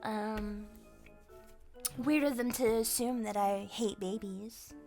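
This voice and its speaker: A young woman hosting a casual live stream, excitable and quick to laugh, swearing freely as she tells stories. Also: fairly high pitch, faint music behind. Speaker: streamer host.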